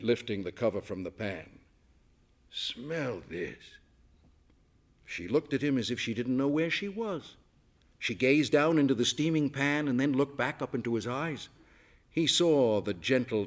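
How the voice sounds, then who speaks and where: A man narrating a story at an unhurried pace, in a voice of ordinary middle pitch. He lets each phrase settle, keeping an even, deliberate storytelling rhythm. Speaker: audiobook narrator. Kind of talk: scripted narration.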